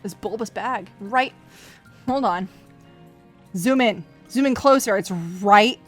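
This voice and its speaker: A woman's voice: mid-range voice, takes it slowly. Profane, rambling woman streamer over game music. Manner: rambling, profane, animated, acts out quoted voices. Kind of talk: casual live-stream chat while playing. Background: faint game music.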